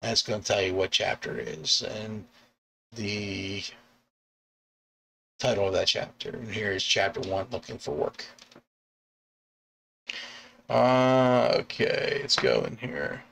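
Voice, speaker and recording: A middle-aged man, a comic artist and bus driver, chatting casually on a live stream, rambling with restarts and chuckles and acting out quoted lines in sudden high yelps. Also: slow pace, vocal fry, pauses often, a bit bright, slight background noise. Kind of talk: casual live-stream chat about artwork.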